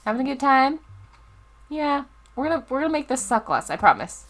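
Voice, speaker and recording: Young woman rambling through a chill game, lively ups and downs, bit of a high voice, faint hiss behind. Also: fairly quick. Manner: chatty, easily distracted, loud startled outbursts. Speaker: Let's Play host. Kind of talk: casual gameplay commentary.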